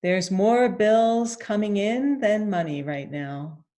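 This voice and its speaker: Leading a guided tapping session, a woman speaks softly, echoing phrases in the first person and stopping to let out sighs and take deep breaths.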